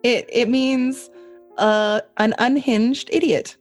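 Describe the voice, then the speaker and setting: A woman's voice: on the high side, steady tone, takes it slowly, faint music behind. A woman hosting a podcast in casual, playful chat, laughing often. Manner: giggly, playful. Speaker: podcast host.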